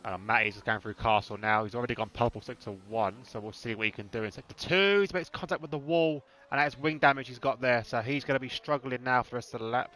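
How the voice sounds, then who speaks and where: Man, race commentator, bright forceful tone, mid pitch, chatty, laughs a lot. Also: quick pace, hardly any pauses. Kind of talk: live sim-racing commentary with banter.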